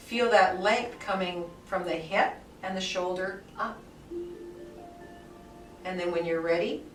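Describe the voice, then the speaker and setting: Woman yoga teacher talking real slow and gentle, echoey room, mic far away. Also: mid-range voice. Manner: soft, slow, soothing cues. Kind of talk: guided somatic movement class.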